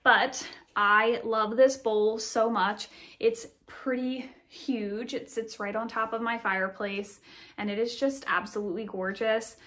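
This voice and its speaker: Bubbly woman vlogger, chatty and gushing, a touch high-pitched. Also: fairly even intonation, measured pace, fairly bright tone, echoey room. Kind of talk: casual show-and-tell vlog.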